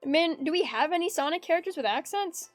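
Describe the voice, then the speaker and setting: Woman, art streamer, high-pitched and giggly, loose rambling chat, dry close sound. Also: animated, fast talker, no room sound. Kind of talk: casual chat while drawing. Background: faint background music.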